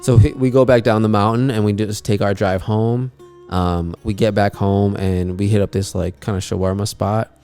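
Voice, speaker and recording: A young man with a fairly low voice tells a travel story as a podcast host. His talk is loose and rambling, full of fillers and swearing. Soft guitar music plays faintly behind him. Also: fairly even intonation, normal speed. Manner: laid-back, profane, rambling with lots of fillers. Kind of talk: casual travel story chat.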